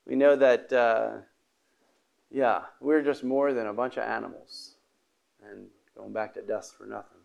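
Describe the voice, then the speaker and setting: Halting, gravelly-voiced male preacher. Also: medium pitch, darkish tone. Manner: halting, with many fillers and restarts, clears his throat often. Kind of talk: sermon.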